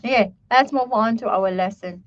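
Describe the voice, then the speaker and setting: Woman, English teacher, higher voice, slow, patient delivery, dull lo-fi stream sound. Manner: slow, repetitive, checks in with "right?" and "okay". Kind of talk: online grammar lesson.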